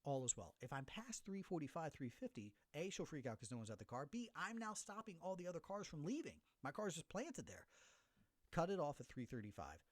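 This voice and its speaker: A middle-aged man hosts a solo podcast, racing through a story in a fast, rapid patter. His pitch swings widely as he acts out everyone's voices. He sits close to the mic in a dry, deadened room. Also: no echo. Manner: animated storyteller who acts out the voices of others. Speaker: podcast host.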